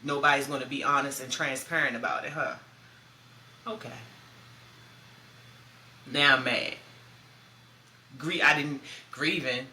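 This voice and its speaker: A woman's voice: a bass voice, fairly even intonation, unhurried, long pauses, bright, forceful tone. A woman in her thirties, hosting a podcast, telling a painful personal story in a blunt, profane, raw way. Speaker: podcast host. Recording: roomy echo, faint background noise.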